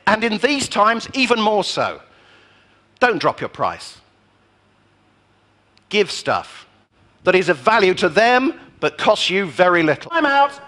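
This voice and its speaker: A British man giving a motivational business keynote, telling stories with animated, punchy emphasis. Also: sits high, takes it slowly, long pauses, big-room sound. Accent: British English. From Britain.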